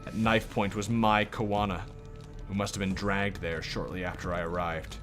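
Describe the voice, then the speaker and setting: A man's voice: low-pitched, level tone, moderate pace, music in the background. A man streaming a game, thinking aloud and reading narration with wry, swearing asides. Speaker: gaming streamer. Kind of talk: casual game commentary.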